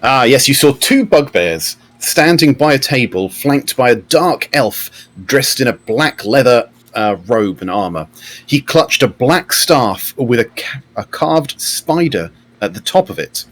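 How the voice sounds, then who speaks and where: A man's voice: medium pitch, sing-song, a little slow, fairly bright tone. A man, narrating a tabletop game as game master. He talks in a chatty way, with many fillers and restarts.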